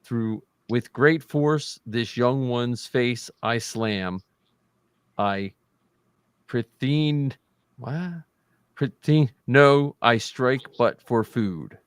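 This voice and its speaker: A man's voice: medium pitch, very slow, smooth, no room sound, studio quality. A man voicing an apologetic Wampa ice beast, reciting archaic verse. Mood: mournful.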